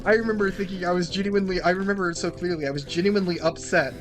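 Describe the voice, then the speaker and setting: A young man tells a story on a casual podcast, slightly high in pitch, with soft music playing underneath. He is animated, swears freely and acts out the lines of the people in his story. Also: very fast. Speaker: podcast host.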